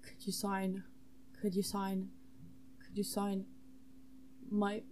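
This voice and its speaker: A woman's voice: mid-range voice, monotone, slow pace, darkish tone, slight background noise, close to an everyday voice. A tipsy woman voicing an awkward, shy male student fan who stammers and hesitates. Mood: sheepish.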